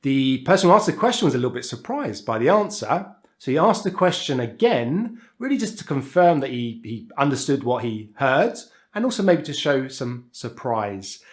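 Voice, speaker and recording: A man with a British accent teaching an online pronunciation lesson, explaining clearly and deliberately with exaggerated rises and falls in his voice. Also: mid-range voice, big pitch swings. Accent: British English.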